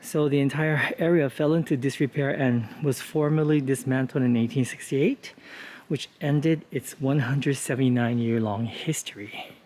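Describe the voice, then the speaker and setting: Male travel host, relaxed tour-guide delivery, outdoor street walk, faint background noise. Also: mid-range voice, normal speed. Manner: relaxed, informative, with frequent "uh" and "you know" fillers. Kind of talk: casual walking tour narration.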